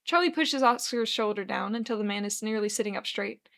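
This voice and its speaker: A woman reading a fanfiction aloud as its narrator, with lively storytelling delivery. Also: medium pitch, a little fast. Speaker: fanfiction reader.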